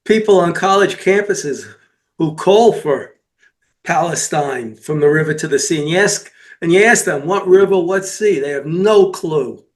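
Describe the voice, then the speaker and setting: A male co-host in a political talk show, speaking calmly and explaining. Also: fairly high pitch, unhurried.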